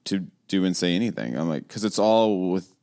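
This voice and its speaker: Intense, animated man with a low voice. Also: normal speed, gravelly. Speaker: podcast co-host. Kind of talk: casual chat.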